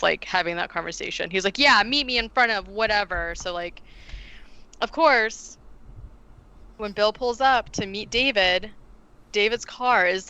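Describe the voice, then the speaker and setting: Retelling a movie on her podcast, a co-host chats animatedly, filling her speech with "like" and performing the characters' lines. Her mid-range voice is clear and resonant with vocal fry. The highs are cut off in the audio.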